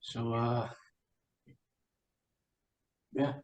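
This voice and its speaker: A man's voice: mid-range voice, little pitch movement, drawn-out words, poor audio. A young man with a New York accent hosting a casual podcast chat, easygoing, laughing often and searching for words. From New York City. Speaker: podcast host.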